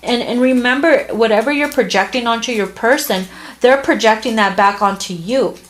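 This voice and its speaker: A woman's voice: fairly high pitch, moderate pace. A woman giving a heartfelt, casual tarot reading to camera. She talks earnestly, with restarts and fillers, and is moved at times. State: emotional, near tears at times. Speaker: tarot reader.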